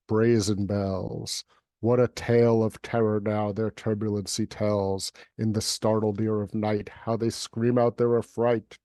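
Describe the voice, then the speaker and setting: Flat-voiced man reciting poetry. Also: on the low side, no echo, clean studio sound. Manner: even, unhurried recitation with repeated words. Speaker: poet and guest reader. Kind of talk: poetry recitation and casual chat.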